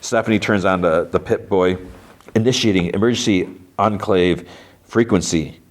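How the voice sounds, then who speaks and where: A man hosting a podcast, casually retelling a television episode scene by scene, full of "he's like" and small restarts. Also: low-pitched. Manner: retells scenes loosely, lots of "he's like" and "kinda", quick restarts. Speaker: podcast host.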